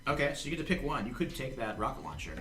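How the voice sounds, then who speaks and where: A man's voice: mid-range voice, very animated, very fast, sharp tone, a little hiss or hum. A man running a tabletop game as game master, narrating the action in a casual, chatty way. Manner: casual, chatty, full of fillers. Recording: echoey room with faint music.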